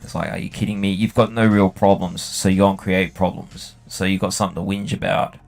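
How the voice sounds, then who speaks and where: A man's voice: low voice, little pitch movement, brisk, vocal fry, a little mellow, faint music behind. A young Australian man chatting bluntly and swearing freely while he plays a game. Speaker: gaming video host. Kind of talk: casual chat while playing.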